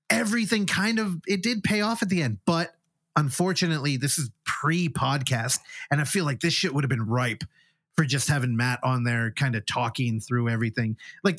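A man with a mid-range voice co-hosts a casual podcast chat, telling lengthy, rambling, animated stories that are full of quoted reactions he acts out. The sound is dry and clean, recorded in a studio.

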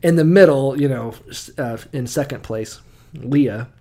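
A man's voice: medium pitch, unhurried, mellow. A man co-hosting a podcast, casually retelling a story with lots of swearing, rambling asides and laughter. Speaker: podcast co-host. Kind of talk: comedic retelling, casual chat.

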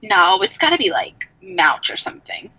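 A woman's voice: mid-range voice, big pitch swings, moderate pace, pushed and bright, slightly rough, dry recording, highs cut off. A woman co-hosting a casual fan podcast, talking emphatically and asking many questions. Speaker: podcast co-host.

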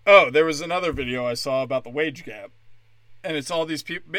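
Male comedian, podcast monologue, angry sarcastic profane rant, tense bright delivery in a dry booth. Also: fairly high pitch, brisk, no echo.

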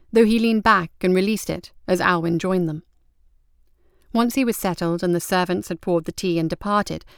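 Low smooth woman narrating a story. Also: fairly bright tone, no room sound, clean studio sound. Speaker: audiobook narrator. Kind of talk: scripted narration.

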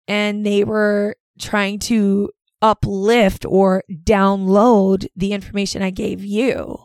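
A woman's voice: medium pitch, level tone, slow, hardly any pauses, a little mellow, dry recording. A middle-aged woman hosting a podcast, telling a personal story in an earnest, rambling way with many fillers. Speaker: podcast host.

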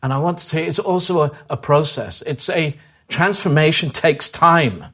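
Earnest and direct, a male pastor with a slightly high voice and a breathy edge preaches, hammering key phrases and urging the congregation. For prayer, he softens and slows right down.

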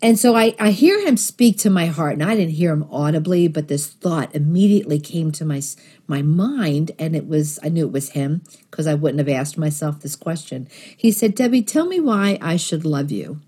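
A woman with a low, husky voice tells a personal faith testimony. She speaks earnestly and acts out the thoughts she quotes in her story. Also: moderate pace, dark tone. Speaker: guest sharing testimony.

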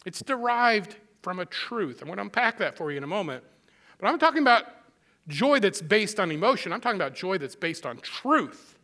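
Bright high-voiced male preacher. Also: big pitch swings, fairly quick. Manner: emphatic, repeats phrases for stress; conversational asides to the congregation. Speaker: pastor. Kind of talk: sermon.

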